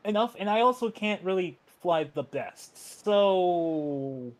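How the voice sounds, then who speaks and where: A man playing at a tabletop game, talking in a halting, rambling way and repeating himself. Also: sits high, lively intonation. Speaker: player. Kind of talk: casual chat at a game table.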